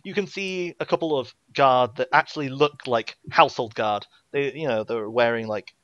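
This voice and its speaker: A man's voice: medium pitch, moderate pace, fairly bright tone, dry recording, dull audio. Man narrating a tabletop game. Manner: rambling, filler-heavy description. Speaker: game master.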